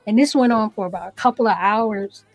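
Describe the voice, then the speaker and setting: A woman's voice: medium pitch, fairly quick, no room sound, faint music behind, low-quality recording. A woman who is a comedian, a guest telling an emotional personal story with earnest feeling and acting out her own past words. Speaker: interview guest.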